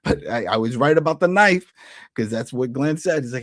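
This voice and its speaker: A man giving a casual recap of a TV episode, retelling the scenes in a chatty way and slipping into quick voices for the characters. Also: mid-range voice, lively intonation, dry recording, studio quality. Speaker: TV recap host.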